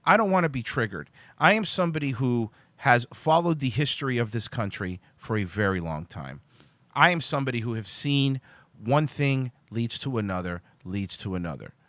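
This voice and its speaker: A man's voice: medium pitch, animated, moderate pace, fairly bright tone, no room sound. A man hosting a livestream, ranting angrily about politics, exasperated and full of restarts. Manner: heated, exasperated, lots of restarts. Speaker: show host.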